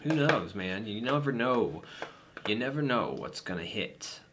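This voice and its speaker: A man's voice: fairly low pitch, very animated, measured pace, very noisy. A man talking to himself in a playful, self-mocking way while recording sound effects for a video. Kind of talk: casual self-talk while working.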